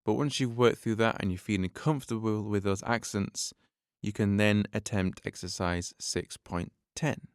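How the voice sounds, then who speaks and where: Male drum teacher hosting his own podcast: low, smooth voice, dry close sound, patient step-by-step delivery. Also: normal speed, no echo. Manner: patient, step-by-step explaining, counts beats aloud.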